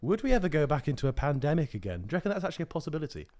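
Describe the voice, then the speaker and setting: Young male podcast co-host, deadpan and mocking, recorded dry and close. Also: a little high, racing, no room sound. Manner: deadpan teasing, jokey provocations. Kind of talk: casual chat.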